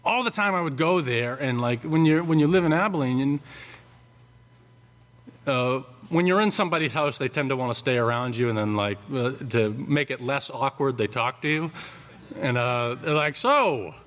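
A man's voice: mid-range voice, moderate pace, a bit bright. A man telling a casual, rambling anecdote, full of fillers and restarts. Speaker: storyteller. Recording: long hall reverb.

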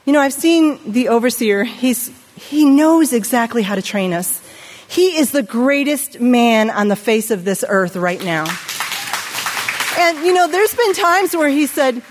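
A middle-aged woman preaching a sermon in an animated way, asking her listeners questions and acting out the voices she quotes. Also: high voice, brisk, in a large hall.

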